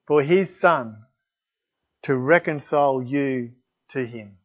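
A man's voice: medium pitch, unhurried, a bit bright. A man preaching a sermon, reading scripture aloud and exclaiming in wonder at it. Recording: dull lo-fi recording.

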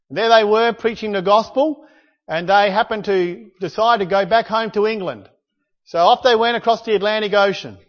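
A man preaching a sermon, animated and at times rising to near-shouts. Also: sits high. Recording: dull lo-fi sound with long hall reverb.

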